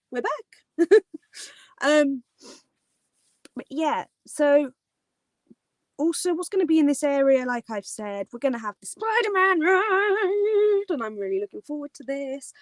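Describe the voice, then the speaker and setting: A woman with a high, bright-toned voice hosts a casual live-stream chat. She rambles excitedly, giggles often and leans on lots of fillers. The sound is dry and close to the mic. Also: dry recording, rough recording. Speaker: host of a live theme park chat.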